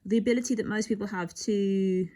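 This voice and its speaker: Warm in tone, her medium-pitched voice stays fairly even and moves fairly quickly. She gives a rambling, thoughtful tarot reading, often breaking off partway through sentences and sometimes almost whispering.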